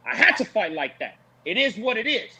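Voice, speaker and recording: A man talking in an animated post-fight show discussion, preachy and emphatic, repeating his points for effect. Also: sits high, brisk, husky, poor audio. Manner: preachy, emphatic, repeats lines for effect, mocks with put-on voices.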